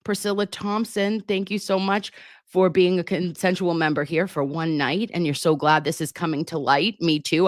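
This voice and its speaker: This low-voiced woman in her forties is a nurse running a relaxed live chat, working through viewer comments in a giggly, talkative and occasionally flustered way while addressing people as babe. She uses a computer mic, and the recording is dry with studio quality.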